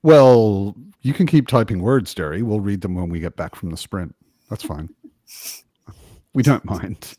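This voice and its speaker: A man's voice: lowish voice, lively intonation, unhurried, dark tone, no room sound, studio quality. A man hosting a casual video-call chat with friends, joking around and swearing casually. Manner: chatty, swears casually, jokey. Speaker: host.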